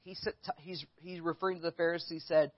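A man with a highish voice preaches in church as the pastor, talking fast with a flat delivery. He speaks candidly and conversationally, tells a personal story, and puts questions to the congregation, all captured in a dry, dull lo-fi recording.

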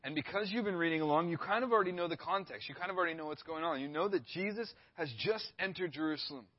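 Laid-back youth pastor guy, talks fast, bit high, dull dry recording. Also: no room sound. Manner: laid-back, storytelling, acts out quoted voices. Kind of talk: sermon with personal story.

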